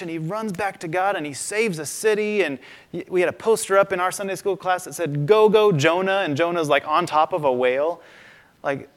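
A man pastor preaching a sermon in a conversational, animated way, in a church sanctuary. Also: on the high side. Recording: long reverb of a large hall.

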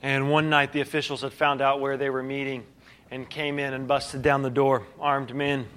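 A man preaching a sermon as a pastor, telling a story with dramatic quiet drops and rising questions, often repeating and restarting phrases. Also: medium pitch, flat delivery, moderate pace, smooth.

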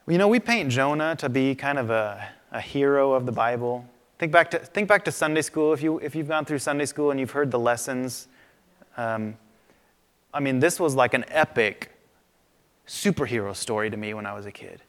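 Guy preaching a sermon, chatty and animated, mid-pitched voice, long echo in a big church. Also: moderate pace. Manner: conversational, animated storytelling preaching. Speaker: pastor. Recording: long reverb of a large hall.

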